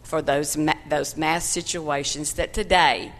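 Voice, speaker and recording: A woman's voice: low voice, fairly even intonation, unhurried. An older woman, earnestly telling a personal testimony to a church congregation in folksy phrases. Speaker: church member giving testimony. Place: church sanctuary. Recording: long hall reverb of a church.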